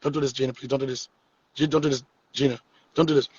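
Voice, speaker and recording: A man's voice: mid-range voice, steady tone, rapid-fire, slightly rough, highs cut off. A man hosting a live stream, joking and teasing his guests in casual, profane comedic chat.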